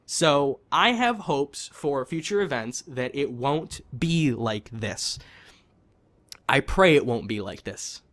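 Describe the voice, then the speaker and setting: A man's voice: medium pitch, animated, slow, a bit bright. A man giving a heated, frustrated opinion rant on a video game, swearing and repeating himself for emphasis. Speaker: gaming commentator.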